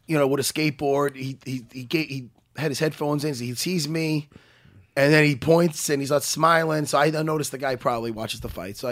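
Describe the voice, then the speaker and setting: A man co-hosting a podcast, telling a story in a casual, animated way and acting out other people's voices. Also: fairly high pitch, dry recording, studio quality. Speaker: podcast co-host. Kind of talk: casual chat.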